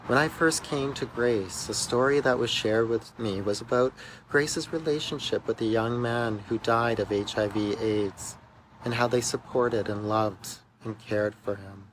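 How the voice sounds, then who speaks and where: A man's voice: medium pitch, measured pace, a little hiss or hum, poor audio. A man, a minister, telling a personal story in a church video message, recorded outdoors beside a church walkway. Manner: earnest storytelling, emphatic in places.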